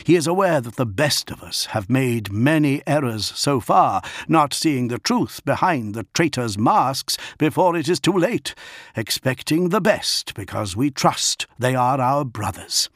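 A man's voice: medium pitch, expressive, measured pace, fairly bright tone, no room sound, studio quality. A man voicing an earnest male adviser who speaks in an urgent, pleading way.

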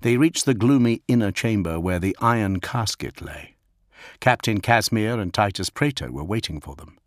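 A man reading an audiobook as narrator, steady and measured. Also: on the low side, dry recording, clean studio sound.

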